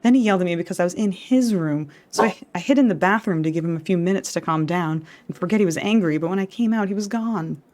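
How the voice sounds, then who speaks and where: Woman reading a jittery teen boy in a game, low-set voice. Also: quick pace, hardly any pauses, a little mellow, natural voice. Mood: anxious. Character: anxious teenage boy.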